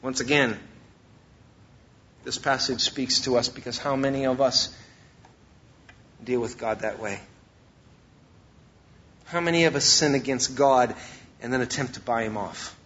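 A man's voice: mid-range voice, measured pace, long pauses, a bit bright, highs cut off, slight background noise. A male pastor preaching a sermon, emphatic and repeating his key phrases.

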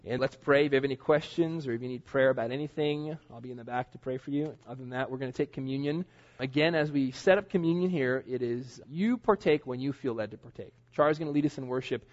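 A middle-aged pastor with a medium-pitched voice talks fast while preaching a sermon in church. He is earnest and conversational, tossing in casual asides, and the recording is a dull, lo-fi church capture.

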